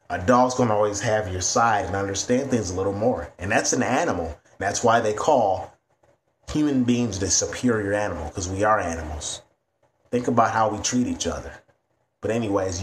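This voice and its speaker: A man's voice: on the low side, a little hiss or hum. A man ranting to camera in a vlog, blunt and heavy on profanity. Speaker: vlogger.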